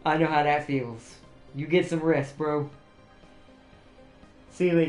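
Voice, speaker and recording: A man's voice: on the high side, steady tone, takes it slowly, long pauses, darkish tone. Guy rambling on his livestream, laughs a lot, echoey room, bit of music under it. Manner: chatty, laughs often, rambling with restarts. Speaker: livestream host. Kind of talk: casual livestream chat. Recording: roomy echo, faint music behind.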